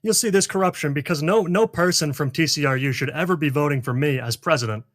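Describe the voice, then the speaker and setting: A man's voice: on the high side, fast talker, a bit bright. A man playing a candidate in a joke debate over voice chat, speaking with hesitant restarts and mock-serious bluster. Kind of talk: casual comedic role-play over voice chat.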